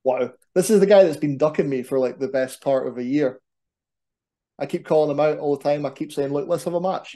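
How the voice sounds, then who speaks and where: A young Scottish man chatting animatedly as a wrestler guest on a podcast. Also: fairly high pitch. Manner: animated, quick to banter. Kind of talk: casual podcast chat.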